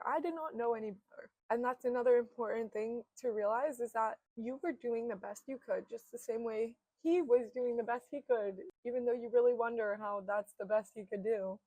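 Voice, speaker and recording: A young woman in her twenties talks straight to the camera in a candid, heartfelt monologue, her voice a touch high and very dry, with the room barely there. She speaks earnestly and drops the odd casual swear, sometimes close to tears. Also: a little mellow, dry recording, rough recording. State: emotional, near tears at times. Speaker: self-help vlogger. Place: indoors, seated in front of a camera.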